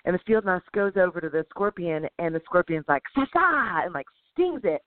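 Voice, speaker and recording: A woman co-hosting a podcast, telling a story in a lively, animated way with sound effects and laughter. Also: fairly low pitch, a little fast, no room sound. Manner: animated, mimics sounds and voices, laughs often. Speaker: podcast co-host. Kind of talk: casual storytelling chat. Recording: tinny phone-like sound, dry.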